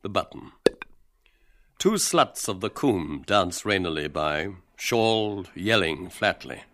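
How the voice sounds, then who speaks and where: Narrator: a man with a very low voice, measured, reading stage directions. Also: big pitch swings, a bit bright, no room sound.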